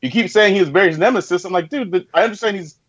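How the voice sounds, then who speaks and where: A man co-hosting a casual podcast chat, talking excitably and pressing with exasperated questions. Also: high voice, rapid-fire. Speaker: podcast co-host. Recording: dull lo-fi dry sound.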